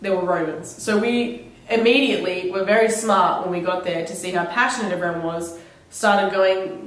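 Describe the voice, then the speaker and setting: A young Australian woman with a cold, telling travel stories in an animated, laughing vlog chat. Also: medium pitch, normal speed. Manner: enthusiastic, animated, laughing retellings with put-on quotes. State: has a cold. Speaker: vlogger. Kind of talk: casual chatty storytelling. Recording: very echoey room, mic at a distance.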